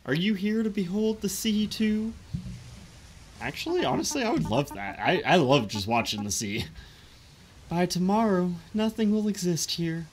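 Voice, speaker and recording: A streamer voicing a resigned woman watching the sea in a game, speaking softly and reflectively. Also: medium pitch, sing-song, moderate pace, slight background noise, voice pushed up, close to an everyday voice. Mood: wistful. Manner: soft, reflective.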